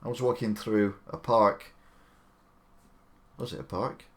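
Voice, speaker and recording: Male streamer, slightly low voice, casual and opinionated, rambles. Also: steady tone, measured pace. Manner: chatty, opinionated, rambling asides. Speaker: live-stream host. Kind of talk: casual live-stream commentary.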